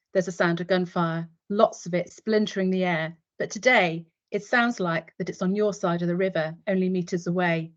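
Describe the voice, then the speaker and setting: A woman in her fifties, a retired military nurse, telling a vivid story in the second person as a guest speaker in an online webinar. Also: lowish voice. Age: 50s. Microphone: video call. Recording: dull lo-fi online call audio.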